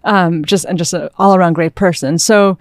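A woman who is a venture capital partner is a guest in a casual podcast interview, answering thoughtfully and at length, agreeing readily and backchanneling often. Her voice is fairly low with fairly even intonation at a normal speed. The recording is dry, with clean studio sound.

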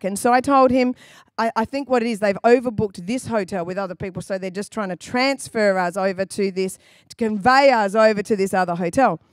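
A woman's voice: medium pitch, fairly quick, dry recording. A woman pastor from England preaching a sermon in a conversational, storytelling way, acting out quoted voices. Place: church.

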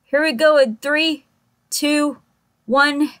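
A woman's voice: sits high, steady tone, slow, a bit bright, no echo. A woman in her thirties hosting a casual video reaction, giggly and chatty, reading cartoon lines aloud. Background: music from the video.

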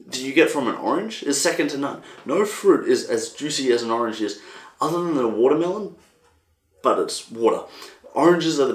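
A young Australian man hosting a casual solo podcast, rambling and animated, swearing freely. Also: medium pitch, reverberant. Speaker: podcast host.

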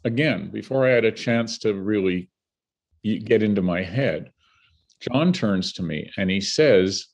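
A man's voice: lowish voice, measured pace. An older man from Canada, a filmmaker, telling stories as a guest and acting out the people he quotes. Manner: animated storyteller who acts out the people he quotes. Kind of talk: storytelling in a conversational interview.

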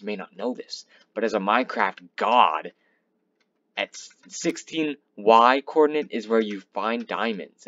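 This is a young man talking over his own gameplay, swearing and rambling and swinging from loud outbursts to low mumbles. His low voice has a sharp, bright edge, and the recording is dull and lo-fi, dry and close, with keyboard typing behind him. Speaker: gaming channel host. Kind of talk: casual gameplay commentary.

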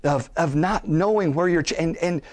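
A middle-aged man delivers a sermon with lively energy, tossing questions at his listeners and pushing his voice close to a shout as he builds. His voice sits somewhat high for a man. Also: normal speed. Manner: animated preaching, rhetorical questions, rising to near-shouts. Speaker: pastor.

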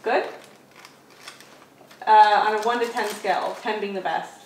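A woman chats her way through a snack tasting, laughing often and thinking out loud between bites. Her voice sits at an ordinary middle pitch. She sounds a bit distant from the mic, with a roomy echo and a faint hiss underneath. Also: steady tone, measured pace. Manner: chatty, laughs often, muses while tasting. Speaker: food vlogger. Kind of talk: casual food review chat. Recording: echoey room, mic set back.

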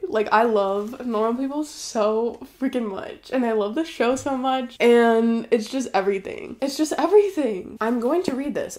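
Female vlogger, effusive and squealy, slightly high pitch, casual chat to camera. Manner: gushing, excitable, squealing. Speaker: booktube host.

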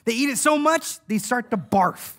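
A man preaching a sermon in an animated, joking way, laughing as he tells the stories and acting out the voices he quotes. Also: extremely high pitch, moderate pace.

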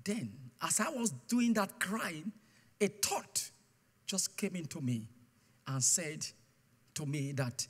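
A man preaching a guest sermon, telling his testimony with mounting passion and bursts into shouted declarations. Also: on the high side, lively intonation, takes it slowly, pauses often, husky. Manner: impassioned storytelling, swelling to shouted declarations. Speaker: guest pastor. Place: church sanctuary. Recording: long church hall reverb.

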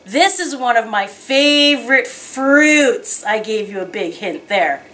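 A woman teaching preschool children in a slow, sing-song, animated way. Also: fairly high pitch. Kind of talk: children's lesson and picture-book reading.

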